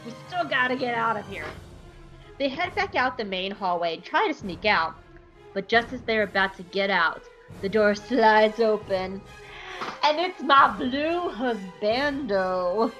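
A woman's voice: mid-range voice, expressive, a little slow, fairly bright tone, soft background music, poor audio. A young woman hosting a podcast, chatting casually and giggly through an episode recap. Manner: chatty, giggly, lots of fillers. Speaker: podcast host.

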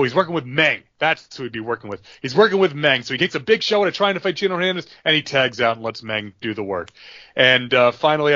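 A man's voice: fairly high pitch, a bit bright, no echo, dull audio. A man hosting a podcast, spinning a story in rambling, filler-heavy casual chat. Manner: rambling, with many fillers and restarts. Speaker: podcast host.

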